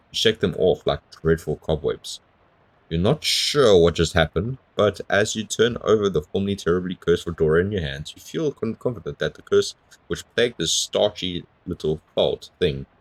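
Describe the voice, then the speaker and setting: A man with an extremely deep, low voice narrates his way through a video game. He reads the on-screen text aloud and drops bemused little comments between lines. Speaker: gamer. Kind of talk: let's play commentary.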